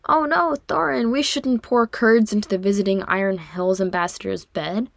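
A woman voicing a small, cheeky young male dwarf who teases his older brother in a high, pleading tone, for an audiobook reading. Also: normal speed, gravelly, dry recording, studio quality, lightly acted. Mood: teasing, whining. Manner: bright, teasing, high and pleading.

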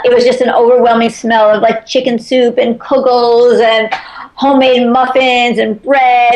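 A chatty middle-aged woman from Chicago tells stories as an interview guest, scattering filler words through her sentences. Her voice sits a little high and has a gravelly, fry-tinged edge. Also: rough recording. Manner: chatty, storytelling, many "like" fillers. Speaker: guest, author. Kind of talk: conversational interview.

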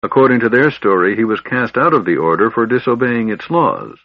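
A man's voice: mid-range voice, expressive, a little fast, no room sound, lo-fi sound, pitched above the performer's own voice. A man voicing a bitter, honor-bound young knight with a grave, brooding delivery.

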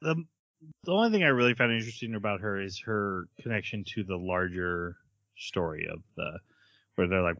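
A man with a bright, forceful voice chats casually on a podcast, retelling an anime episode scene by scene. He acts out the characters' lines as he goes and laughs often. The sound is close and dry. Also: deep voice, fairly quick, no room sound, highs cut off. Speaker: podcast co-host reviewing anime. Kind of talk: casual chat, recapping an episode.

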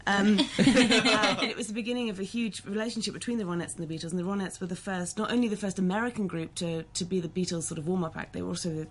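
A woman singer from the United Kingdom, a guest on a radio show, chatting quickly in a tired, jet-lagged morning voice. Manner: chatty, quick, lower and quieter than her singing. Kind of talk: casual radio interview chat. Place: radio studio. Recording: loud music behind the voice.

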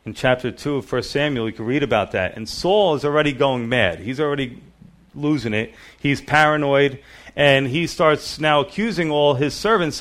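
A pastor giving a relaxed evening Bible sermon, retelling the story casually with lots of "you know.". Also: male voice, medium pitch, normal speed.

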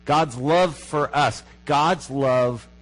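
A man preaching a sermon as pastor, in a conversational manner, often asking the congregation questions and dropping to a hushed voice for emphasis. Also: medium pitch, very slow, low-quality recording.

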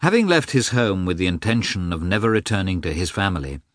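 A man narrating an audiobook in an expressive, measured reading. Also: sits low, no room sound, studio quality. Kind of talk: scripted narration.

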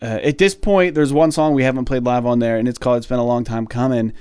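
A man's voice: mid-range voice, fast, clear, resonant tone, no room sound. A man co-hosting a casual podcast, talking loosely with lots of fillers about his band. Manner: relaxed, rambling with many fillers. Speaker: podcast co-host and musician.

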